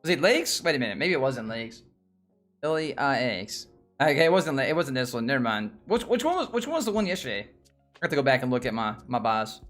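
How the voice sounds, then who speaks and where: A man's voice: mid-range voice, very animated, brisk, fairly bright tone, soft background music. A man from Nashville with a Southern twang, hosting a casual live stream and thinking aloud in a rambling, slangy way. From Nashville, Tennessee. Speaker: stock stream host.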